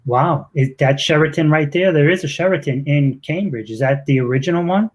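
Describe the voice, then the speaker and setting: A man with a Boston accent hosting a live online interview, chatting loosely with quick asides. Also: fairly high pitch, low-quality recording. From Boston, USA. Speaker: interview host.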